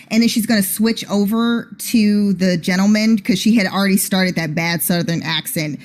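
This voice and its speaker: A woman's voice: medium pitch, moderate pace, few pauses. Casual woman game player. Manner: casual, filler-heavy. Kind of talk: describing her character's actions.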